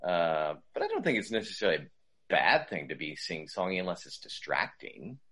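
A man's voice: low voice, huge pitch swings, fairly quick, a bit bright, husky. A man speaking as a guest voice coach, giving conversational advice in a loose, rambling way with many fillers and restarts.

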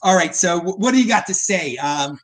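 A man's voice: high voice, a little fast. A man hosting a casual podcast, joking around with his guests and often restarting his sentences. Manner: joking, animated, many restarts. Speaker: podcast host.

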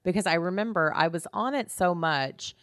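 A woman's voice: fairly low pitch, moderate pace, a bit bright, no room sound, studio quality. A woman co-hosting a podcast, telling long rambling stories in a casual chat. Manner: chatty, rambling storyteller. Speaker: podcast co-host.

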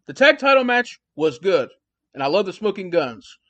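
A laid-back man co-hosting a podcast, sprinkling slang through his talk in a slightly high voice. He sounds dry and close to the mic. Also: sing-song, moderate pace, fairly bright tone, dry recording. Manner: laid-back, slangy, says dude and bro. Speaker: podcast co-host. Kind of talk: casual chat.

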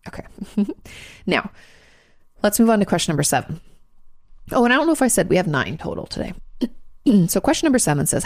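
A woman hosting a show, answering listener questions in a fast, chatty, frank advice talk and swearing now and then. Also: mid-range voice, very animated, darkish tone, dry recording, clean studio sound.

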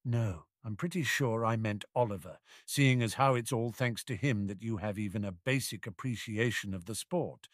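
Brief: narrator doing a steady, wry teen boy, near his own voice, storybook reading. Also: lowish voice, normal speed, few pauses, no room sound, studio quality, natural voice.

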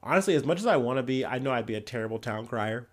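A man's voice: medium pitch, lively intonation, very fast. A young man hosting a casual news podcast, rambling and swearing with many fillers and restarts. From Ohio.

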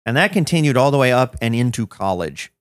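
A man's voice: mid-range voice, very animated, fairly quick, smooth, no room sound, clean studio sound. A man as a podcast guest, telling his own story in a reflective, self-deprecating way with many restarts. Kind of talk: personal storytelling in a podcast interview.

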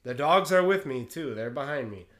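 A man casually telling a story, animated, swearing now and then and laughing through the tense parts. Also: medium pitch, moderate pace.

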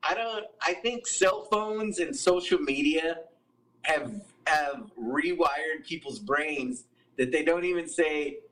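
A man telling a story as a podcast guest, animated and profane, acting out what other people said. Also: on the high side, takes it slowly, far from the mic, rough recording. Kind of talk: casual storytelling.

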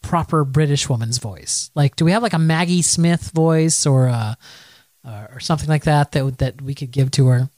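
A man's voice: on the high side, normal speed, darkish tone, no room sound. A man hosting a podcast in casual chat, rambling with many fillers and frequent laughs. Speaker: podcast host.

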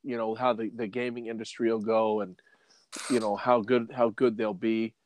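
A man's voice: fairly low pitch, flat delivery, normal speed, slight background noise. A man co-hosting a casual podcast chat, rambling with many "you know"s. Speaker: podcast co-host.

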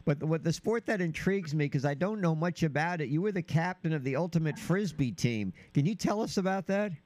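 A man's voice: fairly high pitch, expressive, brisk, a little mellow, dry recording. Chatty male sports radio host, dry studio. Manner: chatty, asks questions with filler uhs. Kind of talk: sports talk interview.

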